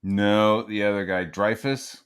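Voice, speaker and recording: A man's voice: lowish voice, a little slow, clear, resonant tone. A man hosting a casual comics talk show, telling rambling, profane stories and jumping between topics. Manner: profane, rambling, animated storytelling. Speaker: podcast host. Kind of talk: casual chat.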